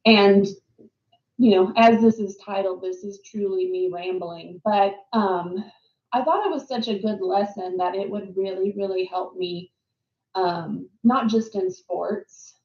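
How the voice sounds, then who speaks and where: Rambling woman with a gravelly voice. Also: mid-range voice, unhurried. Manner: rambling, frequent ums and word repeats. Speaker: host of a reflective talk series. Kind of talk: casual reflective monologue. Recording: roomy, slightly dull lo-fi recording.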